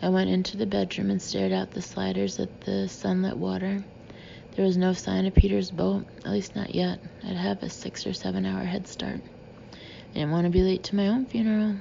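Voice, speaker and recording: A woman narrating a first-person audiobook in a steady, measured way. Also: mid-range voice, creaky. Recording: slightly dull with faint hiss.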